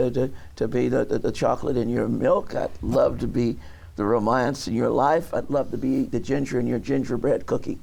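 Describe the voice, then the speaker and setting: Gravelly, halting man on a talk show. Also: mid-range voice, a little mellow. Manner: halting, searching for words, many restarts. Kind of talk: rambling talk show chat. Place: TV studio.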